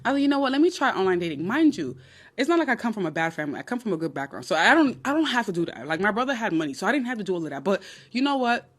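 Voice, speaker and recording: A woman in her twenties with a slight New York accent talks straight into her phone for a livestream. She gives dating advice in a blunt, animated, crude and funny way, at a middle pitch. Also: rapid-fire, slightly rough. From Nigerian, raised in New York. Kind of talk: casual livestream chat.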